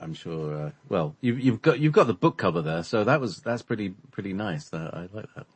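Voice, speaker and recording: A man co-hosts a casual talk show, trading jokes and easy banter. His voice is low and husky, and his pitch swings lively up and down. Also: a little fast. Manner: jokey, chuckling banter. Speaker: co-host. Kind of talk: casual chat.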